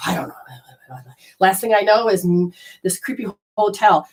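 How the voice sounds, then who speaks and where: A woman telling a personal story in a casual, animated way, swearing freely and acting out her own panic. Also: mid-range voice, brisk.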